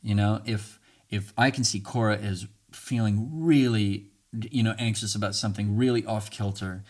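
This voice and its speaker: A man's voice: lowish voice, fairly even intonation, moderate pace. A man hosting a podcast, earnestly teaching communication tools and acting out sample dialogue. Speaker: podcast host. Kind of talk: casual teaching monologue.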